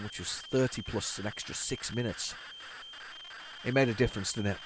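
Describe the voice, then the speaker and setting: A man in the middle of a casual retro gaming commentary, rambling to his viewers and tripping over his words as he restarts sentences. His voice sits at an ordinary middle pitch. A faint hiss of noise runs under the recording. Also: poor audio. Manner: chatty, rambling, stumbles and restarts, talks to viewers. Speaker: retro gaming video host.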